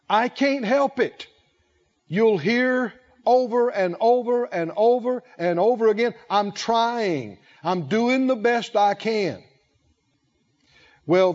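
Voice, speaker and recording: A male pastor preaching a sermon, emphatic, with drawn-out phrasing and call-and-response. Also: high voice, darkish tone, lo-fi sound.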